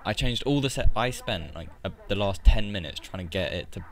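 A man's voice: lowish voice, lively intonation, a little fast. A man, talking casually and rambling through asides while commenting on a video game. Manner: rambling, chatty asides, mild grumbling. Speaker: let's play commentator.

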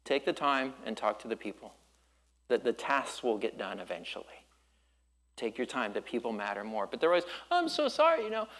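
A male pastor from Southern California preaches a sermon in a relaxed, storytelling style. His voice is on the low side, and he uses surfer slang and laughs quickly.

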